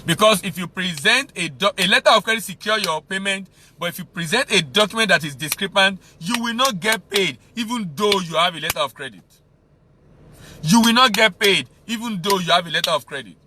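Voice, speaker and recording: Nigerian man, trade instructor, high sharp voice, hammers points home by repeating them. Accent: Nigerian English. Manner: emphatic, repeats key phrases for stress. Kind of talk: teaching talk on export business.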